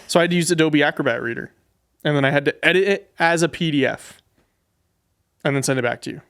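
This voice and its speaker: A man's voice: fairly high pitch, quick pace, a bit bright, smooth. Hesitant man podcast producer. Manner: self-deprecating, hesitant, rambling. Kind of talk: casual podcast chat. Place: podcast studio.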